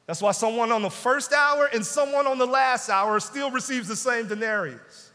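A man pastor preaching a sermon with emphasis, repeating key phrases and dropping to hushed tones. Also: extremely high pitch, moderate pace, few pauses. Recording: long hall reverb.

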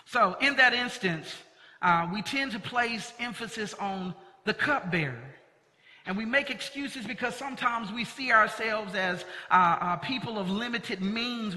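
A male pastor with a fairly high, very bright and forceful voice, preaching earnestly and stressing key words. His voice rings out with a long reverb in a church sanctuary. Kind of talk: sermon. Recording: long reverb of a large hall.

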